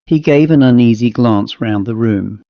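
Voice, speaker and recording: A man narrating a ghost story in a measured storytelling manner. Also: medium pitch, gravelly, no room sound. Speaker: audiobook narrator. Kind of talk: scripted narration. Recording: dull lo-fi dry recording.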